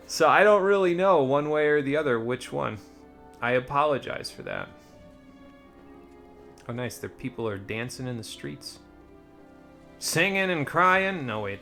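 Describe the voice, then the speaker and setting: A man's voice: mid-range voice, a bit bright. A man giving casual, rambling commentary while playing a video game, with wry muttered asides. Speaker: let's play streamer.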